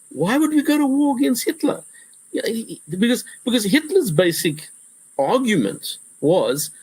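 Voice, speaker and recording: Animated husky-voiced professor in interview. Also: male voice, high-pitched, poor audio. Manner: animated, repetitive restarts, acts out quotes. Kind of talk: conversational interview.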